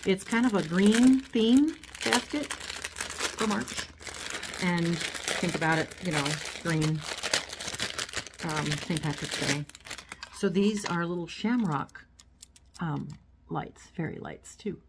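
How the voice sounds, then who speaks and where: A woman's voice: lowish voice, takes it slowly, pauses often, noisy background. A woman chatting casually as she unboxes and shows a haul of small items at home, rambling as she goes. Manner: chatty, rambling, talks while handling items. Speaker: vlogger. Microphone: phone. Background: crinkling packaging.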